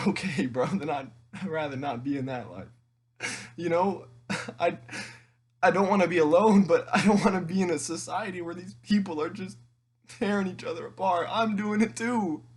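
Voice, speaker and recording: A teenage man in an emotional monologue to camera, tearful and halting, rambling with frequent restarts and swearing. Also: high voice, breathy edge. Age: teens. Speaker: vlogger.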